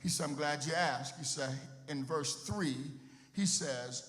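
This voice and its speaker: A middle-aged pastor, preaching a sermon in a sing-song cadence that swells into shouts, repeating words for emphasis. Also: male voice, fairly high pitch, measured pace. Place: church sanctuary. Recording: long hall reverb with faint music.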